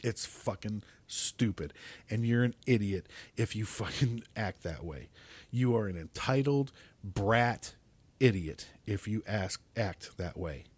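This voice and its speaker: A man's voice: on the low side, measured pace, a little mellow, slightly rough. Angry, cursing middle-aged man ranting. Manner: angry, swearing constantly, stumbling over words. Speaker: podcast host. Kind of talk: profane ranting monologue.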